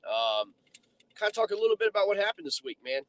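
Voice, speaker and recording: A man's voice: high voice, sing-song, quick pace, a bit bright, no echo. A man co-hosting a fishing livestream on his phone from a car by a lake, rambling easily with lots of fillers. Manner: easygoing, rambling, many fillers. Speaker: podcast co-host. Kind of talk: casual livestream chat. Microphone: phone in a vehicle.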